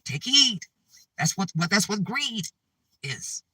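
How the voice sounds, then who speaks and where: Guy preaching spiritual stuff to his viewers, kinda high sharp voice, dry sound, repeats himself a lot, "okay?". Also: sing-song, slow, slightly rough, no room sound, far from the mic. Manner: repetitive, urgent, keeps checking in with "okay?". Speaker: spiritual advice channel host.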